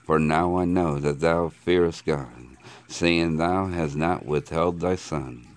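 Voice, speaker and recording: A man's voice: very deep voice, takes it slowly. A man reading a solemn commanding angel. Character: solemn commanding male angel calling from heaven.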